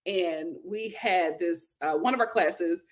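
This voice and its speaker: A woman hosting a casual live stream, reading viewer comments aloud, laughing often and breaking into loud exclamations. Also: fairly low pitch, takes it slowly.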